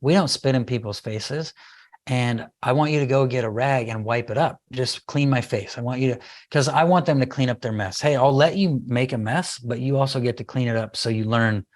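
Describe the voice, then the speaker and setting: A middle-aged man, a guest on a parenting podcast, tells a story with animation and acts out the exchange between himself and his child. His voice is medium in pitch and his pace is normal.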